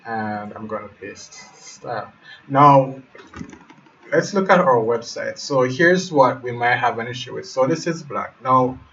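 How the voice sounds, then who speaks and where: A man's voice: medium pitch, fairly bright tone, far from the mic. Guy walking through a website build live, muttering as he goes, sits back from the mic, kinda muffled with a little hiss. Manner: thinks aloud, keeps addressing viewers as guys. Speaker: web design tutor. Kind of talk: live screen-share tutorial.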